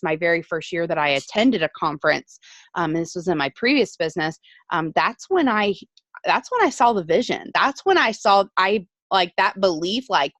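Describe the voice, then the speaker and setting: A middle-aged woman, once a nurse, earnestly sharing her story with her team over a video call, pausing on ums. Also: lowish voice, fairly bright tone, no room sound. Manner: earnest, reflective, with frequent ums. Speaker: team leader, former nurse. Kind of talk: motivational testimony on a video call.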